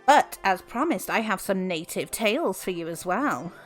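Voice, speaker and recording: A woman's voice: medium pitch, lively intonation, moderate pace, faint music behind. A woman, chatting casually on stream in a teasing, giggly way and telling folk tales. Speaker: streamer and voice actress. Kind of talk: casual chat and folklore storytelling.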